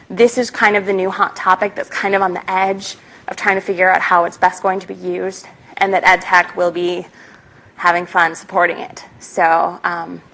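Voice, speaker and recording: A woman with a Minnesotan accent gives a conference presentation on a panel. Her voice sits a little low, and she talks in a loose, chatty way with plenty of ums. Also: fairly bright tone, poor audio.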